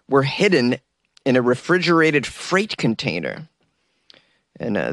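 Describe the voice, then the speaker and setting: A man's voice: mid-range voice, no echo. Irreverent male comedy podcast host, rambling riffs, dry close sound. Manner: irreverent, rambling, laughs at own jokes. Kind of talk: comedic news commentary.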